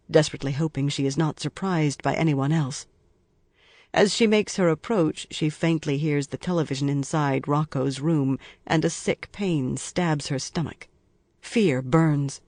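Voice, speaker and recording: An audiobook narrator reading a crime thriller in a measured, even storytelling manner. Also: medium pitch, no echo.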